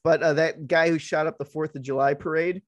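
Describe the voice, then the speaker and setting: A giggly man riffing as a podcast co-host, rambling along with plenty of filler words. His voice sits a little high for a man and is recorded dry and close, with no room sound. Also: fairly even intonation, fairly quick, dry recording. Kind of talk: casual comedic chat.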